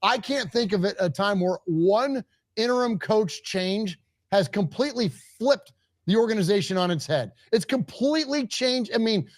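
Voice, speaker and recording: A man co-hosting a live postgame sports show, talking with emphatic, excited fan energy and sounding out of breath. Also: sits high, normal speed, no echo, clean studio sound. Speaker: co-host.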